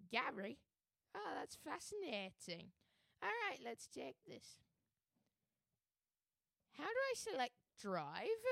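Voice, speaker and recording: A bumbling Scottish learner driver, put on by a man in an improv game, comes through with a bright, tense edge and a gravelly rasp. The room sound is dry and close. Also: very high-pitched, huge pitch swings, slow pace, long pauses, no room sound, pitched above the performer's own voice, heavily acted. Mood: panicked. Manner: bumbling, increasingly panicked improv. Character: flustered Scottish man taking a driving lesson.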